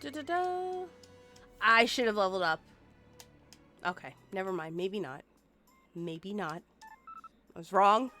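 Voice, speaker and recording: Her voice is medium in pitch and unhurried, with frequent pauses and faint music behind. A woman plays a game on stream, chatting in an animated, playful manner and humming or singing bits as she plays.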